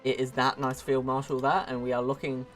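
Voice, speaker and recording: A man's voice: medium pitch, little pitch movement, a little fast, faint music behind. Chatty young man streaming a strategy game. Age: young adult. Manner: chatty, jokey, self-mocking asides. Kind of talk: casual gameplay commentary.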